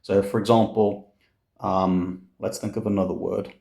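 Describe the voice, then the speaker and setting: A man teaching Italian diction to singers, explaining words slowly and patiently, repeating each one as a model and often murmuring "mm". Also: lowish voice, little pitch movement, creaky, darkish tone, reverberant. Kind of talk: relaxed explanatory lesson.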